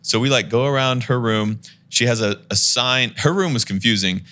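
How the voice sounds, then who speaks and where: A man telling a long, lively story in a casual podcast chat, laughing as he goes and acting out the people in it. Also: mid-range voice, moderate pace. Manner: animated storyteller, laughs while talking, acts out the people in his story.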